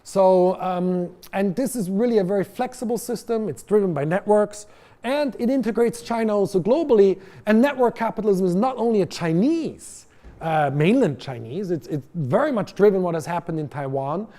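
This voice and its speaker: A man's voice: sits high, lively intonation, normal speed, mellow. A man giving a college lecture to an audience in a conversational way, with fillers and restarts, sometimes asking the room questions. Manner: addresses audience directly with questions. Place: lecture hall.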